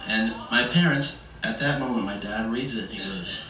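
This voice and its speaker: A man's voice: medium pitch, normal speed, a little hiss or hum. A man doing stand-up comedy, telling a story and acting out the other people in it. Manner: animated, acts out other people's lines. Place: stage before a live audience. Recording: distant, echoey stage recording.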